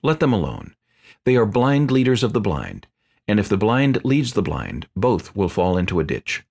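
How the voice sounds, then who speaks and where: A man voicing a calm, authoritative male teacher in a dramatized scripture reading, with measured, earnest delivery. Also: fairly low pitch. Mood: teaching.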